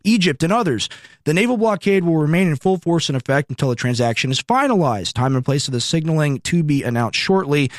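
A man's voice: a little high, no echo, clean studio sound. Sarcastic male political commentator. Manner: sarcastic, conversational, reads posts aloud with asides.

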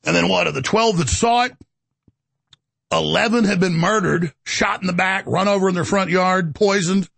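A man hosting a talk show, ranting in a rambling, animated, indignant monologue. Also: sits high, normal speed, gravelly, husky, dry recording.

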